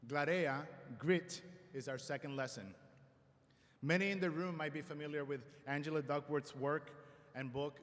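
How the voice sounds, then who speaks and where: A man giving a formal convocation address at a school ceremony, measured with light self-deprecating humor, speaking at a podium microphone. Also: fairly high pitch, fairly bright tone. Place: large auditorium. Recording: long hall reverb in a large auditorium.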